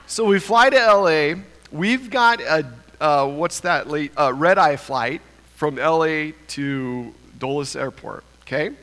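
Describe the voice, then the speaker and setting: A man tells a funny, self-mocking story to a congregation, with lively energy. His voice sits a bit high and rises further as he gets excited. A long reverb from a large hall trails each phrase. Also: slow. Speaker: church speaker. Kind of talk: animated storytelling talk.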